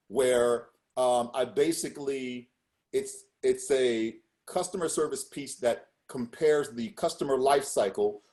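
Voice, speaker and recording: A middle-aged man tells stories with energy in a relaxed interview. His voice sits at a middle pitch, and he acts out the quotes in his tales with sudden lively turns. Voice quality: animated storyteller, acts out quotes. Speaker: guest speaker. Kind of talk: casual interview storytelling.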